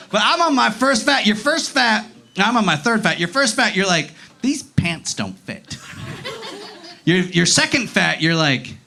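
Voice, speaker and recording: A male stand-up comedian with a high, lively voice that jumps all over the place. His tone is bright and forceful, with a gravelly edge. He talks profanely and rambles, putting on voices for bits. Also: unhurried, long pauses. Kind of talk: live stand-up set. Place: comedy club stage.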